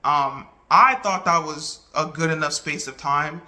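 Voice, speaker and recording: Bright-voiced man, earnest and halting. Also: a little high. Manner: earnest, halting retelling with many restarts. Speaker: vlogger. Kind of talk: casual talk to camera.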